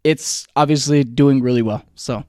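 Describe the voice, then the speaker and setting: A man's voice: mid-range voice, fairly even intonation, mellow, no room sound, studio quality. A young man co-hosting a film review podcast, chatting casually with lots of fillers and restarts. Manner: talks in quick bursts with many fillers and restarts. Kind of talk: casual chat.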